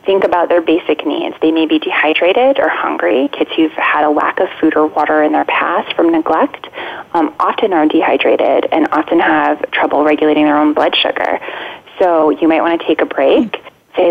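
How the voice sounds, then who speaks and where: A woman who is an adoptive parent, a guest on a radio talk show, speaking gently and practically over a phone line. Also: sits low, normal speed, creaky. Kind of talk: casual radio interview. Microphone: phone call.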